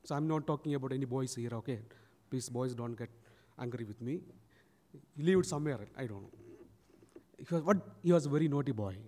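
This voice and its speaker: A man's voice: mid-range voice, a little fast, pauses often, mellow. A man preaching a sermon, telling a story and acting out its people. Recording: long church reverb.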